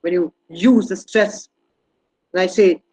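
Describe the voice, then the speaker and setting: A man's voice: high voice, fairly even intonation, takes it slowly, a little mellow, rough recording. A man giving an online teacher-training talk, hesitant with many fillers and restarts, and leaning hard on stressed words when he demonstrates them. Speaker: guest speaker on language teaching.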